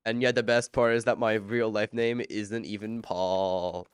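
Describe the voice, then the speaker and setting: A man's voice: on the low side, little pitch movement, measured pace, smooth, no echo, clean studio sound. A man streaming a game live, chatting casually and rambling as he answers viewers' chat while he plays.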